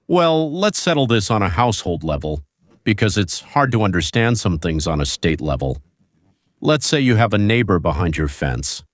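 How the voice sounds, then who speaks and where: A male host delivers opinionated political commentary in a low voice. He builds his points through rhetorical questions and scenarios aimed at the viewers. The recording is dry and close. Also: no room sound. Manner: rhetorical, addresses viewers directly with hypotheticals.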